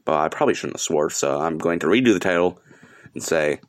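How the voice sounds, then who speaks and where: A man's voice: low-pitched, lively intonation, a little fast. A teenage boy from upstate New York hosting a solo podcast, delivering an angry, profane, rambling rant. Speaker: podcast host.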